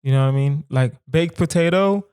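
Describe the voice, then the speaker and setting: His voice is on the high side, clear and resonant, and a little fast. He's a southern U.S. man in his thirties who hosts a solo comedy podcast, musing casually in a rambling, lively way and asking his audience rhetorical questions.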